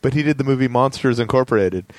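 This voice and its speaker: A man's voice: mid-range voice, fast talker, no room sound. A man hosting a podcast, chatting casually and telling stories with asides and laughs. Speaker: podcast host. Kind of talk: casual chat. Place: small studio room.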